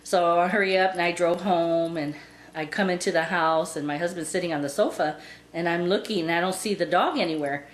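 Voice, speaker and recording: Rambling woman, low voice, roomy sound. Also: fairly even intonation, fairly quick. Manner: rambling, with many "and, uh" fillers. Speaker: vlogger telling a pet story. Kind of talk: casual storytelling. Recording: roomy with faint background noise.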